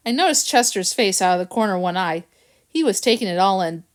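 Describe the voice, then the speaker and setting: A woman's voice: mid-range voice, lively intonation, quick pace. A woman reading a children's storybook aloud, narrating expressively and doing the characters' voices. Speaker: audiobook reader.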